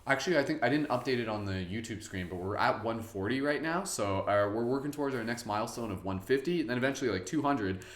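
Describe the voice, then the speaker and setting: A man's voice: medium pitch, animated, quick pace, few pauses. A man hosting a live-streamed guided meditation in a chatty, upbeat, loose way. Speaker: meditation host. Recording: roomy echo.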